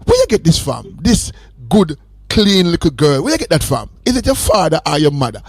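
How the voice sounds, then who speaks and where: A man hosts a radio call-in, his voice bouncing all over with lively, sing-song teasing. He sits slightly higher than most men and sounds close and dry, with no room around him. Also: brisk, husky, no echo. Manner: playful teasing, animated, sing-song questions. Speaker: radio host. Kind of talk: casual call-in chat.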